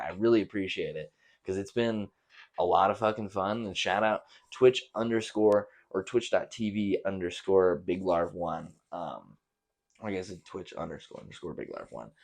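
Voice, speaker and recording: Laid-back, profane young man rambling. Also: deep voice. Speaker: podcast host. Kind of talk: casual rambling monologue.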